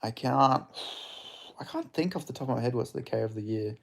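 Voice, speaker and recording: A man streaming live fight commentary, excitable and swearing, chatting with his viewers between rounds. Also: mid-range voice, fairly quick, vocal fry.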